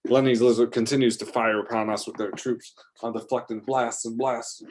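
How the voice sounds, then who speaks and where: A man's voice: medium pitch, flat delivery, normal speed, darkish tone, slight background noise. A man narrating an improvised adventure story, rambling along with fillers and restarts.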